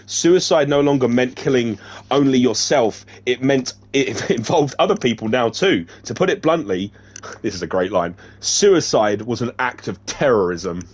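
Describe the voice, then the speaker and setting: A man's voice: medium pitch, lively intonation, moderate pace. A man reading a novel aloud in a casual way, breaking off now and then to joke and laugh. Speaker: reader of a novelization. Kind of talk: casual read-aloud narration.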